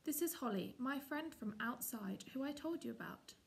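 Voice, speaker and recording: An earnest young male cat, torn between friend and family, speaks with quiet pleading, read by a woman. The voice is gravelly and sits a little high. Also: expressive, moderate pace.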